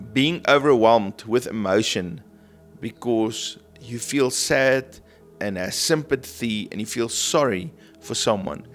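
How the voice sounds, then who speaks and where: Earnest man preaching over soft music. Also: medium pitch. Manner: gentle, earnest, frequent "okay?" and "right?" checks. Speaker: prophetic minister. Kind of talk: sermon teaching.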